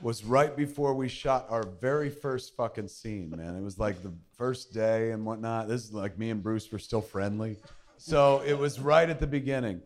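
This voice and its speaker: A middle-aged man hosts and tells a rambling, foul-mouthed story, jumping into quoted voices and laughing along the way. His pitch sits in an ordinary middle range for a man. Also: moderate pace. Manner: animated storyteller, laughing, swearing, acting out quotes. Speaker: host telling a story. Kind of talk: casual anecdote, profane.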